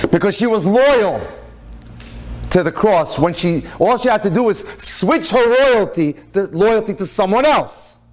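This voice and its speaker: Male rabbi-lecturer, storyteller; higher voice, very expressive pitch, acts out the people he quotes. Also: a little hiss or hum. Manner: animated storyteller who acts out the people in his stories; uses Hebrew and Yiddish religious terms. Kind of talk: storytelling presentation.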